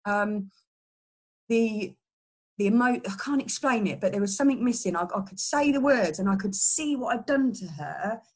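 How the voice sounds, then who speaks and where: A middle-aged woman giving an earnest personal testimony, halting and full of restarts and fillers. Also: medium pitch, lively intonation, husky. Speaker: person in recovery sharing a story.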